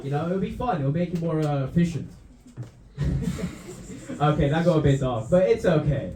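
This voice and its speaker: A man's voice: fairly high pitch, expressive, normal speed, warm tone, reverberant, slight background noise. A young man from Romania doing a stand-up routine in a comedy club, often laughing at his own jokes and tossing in dry asides.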